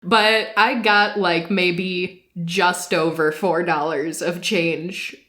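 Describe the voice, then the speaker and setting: Woman, podcast co-host, bright tense tone, animated, self-deprecating, laughs a lot. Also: lowish voice, takes it slowly. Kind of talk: casual anecdote telling.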